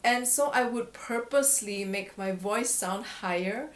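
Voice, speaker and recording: A woman's voice: mid-range voice, unhurried, a bit bright. Reflective woman voice coach, roomy sound. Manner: reflective, candid, laughs at herself often. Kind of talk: casual vlog talk to camera. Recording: echoey room.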